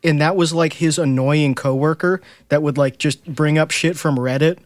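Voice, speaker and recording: Rambling higher-voiced podcast man. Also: fairly even intonation, moderate pace, no echo, clean studio sound. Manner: rambling, filler-heavy. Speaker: podcast co-host. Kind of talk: casual podcast chat.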